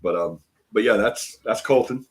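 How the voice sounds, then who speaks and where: A rambling older man with a drawl, talking casually to viewers on a home live stream. His voice sits a little low, and he chuckles often as he wanders between topics. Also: moderate pace. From Alabama. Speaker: paranormal show host. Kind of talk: casual livestream chat.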